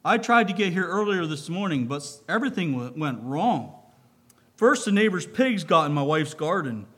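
A man's voice: a little high, big pitch swings, normal speed, a bit bright, husky, heavily acted. A man voicing a troubled farmer who complains earnestly about his neighbor's pigs. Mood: aggrieved.

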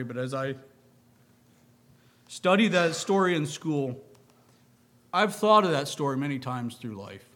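A man's voice: mid-range voice, lively intonation, normal speed, long pauses, fairly bright tone. A man preaching a sermon in an earnest, reflective way.

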